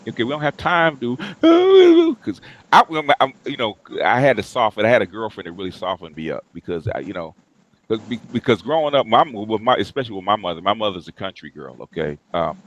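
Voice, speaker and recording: A man's voice: fairly low pitch, very animated, fairly quick, poor audio. A middle-aged man talking bluntly in casual chat as a host, with frequent restarts and repeated words.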